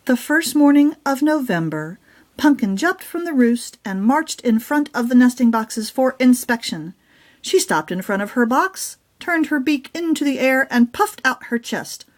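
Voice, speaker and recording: A woman reading her own children's picture book aloud in an expressive storytelling manner. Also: high voice, unhurried.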